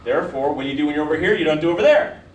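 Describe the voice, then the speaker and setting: A male instructor lectures in a relaxed, conversational way, tossing quick questions at his students. The recording is roomy and distant, picked up from across the classroom with a faint hiss behind him. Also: on the high side. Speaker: college biology instructor. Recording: echoey classroom recorded from afar.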